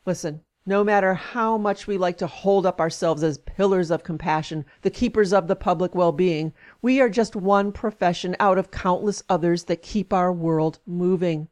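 A woman reading an essay aloud with expressive emphasis, then adding her own comments as a speaker. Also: on the low side, moderate pace, few pauses.

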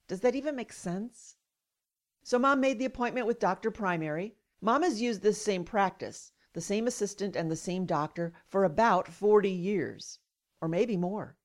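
Woman narrating a personal story, wry, indignant edge. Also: medium pitch. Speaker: patient advocate.

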